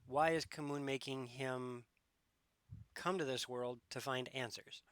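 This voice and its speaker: A man acting as game master, explaining the story in a relaxed way to his players at home. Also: medium pitch, a little slow, smooth, dry recording. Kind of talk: narrating a tabletop game. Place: home room.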